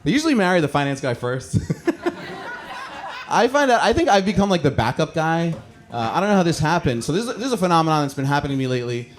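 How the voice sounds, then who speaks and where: A man from the American suburbs hosts a stand-up comedy show, telling stories to a live audience on a handheld mic with faint music behind him. His high voice talks fast with big pitch swings, full of chatty fillers and laughs at his own jokes.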